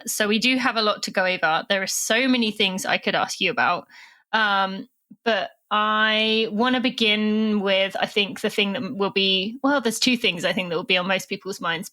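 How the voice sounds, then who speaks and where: A woman's voice: mid-range voice, bright, forceful tone. Chatty British woman podcast host. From Britain. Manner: chatty, laughs nervously, self-deprecating. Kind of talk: casual interview chat.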